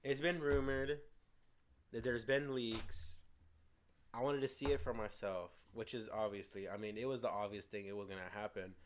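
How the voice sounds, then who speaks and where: A male co-host on a casual movie review show eagerly retells scenes, often restarting and stumbling over his words. His voice sits on the low side with fairly even intonation, and he talks at a normal speed.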